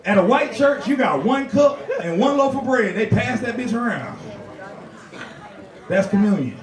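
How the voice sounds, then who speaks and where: A male stand-up comedian performing a loud, animated, profane set and often laughing at his own jokes. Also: extremely high pitch, moderate pace, far from the mic. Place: comedy club stage with a live audience. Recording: echoey club recorded from afar, loud crowd.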